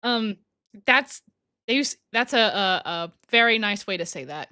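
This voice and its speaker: Woman streamer, bright tone, dry close sound, laughs a lot, casual chat. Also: mid-range voice, expressive, measured pace, clean tone, dry recording. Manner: giggly, chatty, often trails off and restarts. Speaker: livestream host. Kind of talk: casual livestream chat reading super chats.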